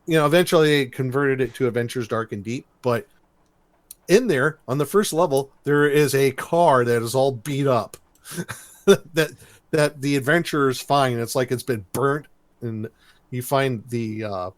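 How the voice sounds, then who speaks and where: A man co-hosting a podcast, recapping a cartoon episode in rambling, animated casual chat. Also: mid-range voice, measured pace, no room sound. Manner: rambling, animated storytelling with laughs. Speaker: podcast co-host.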